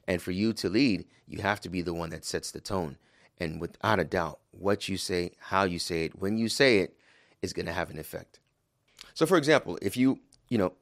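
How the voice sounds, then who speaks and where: Calm low-voiced man giving a religious talk. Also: no room sound, studio quality. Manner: calm, measured, with lively acted-out quotes; recites Arabic hadith quickly. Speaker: Muslim speaker advising husbands. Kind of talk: religious talk to a male audience.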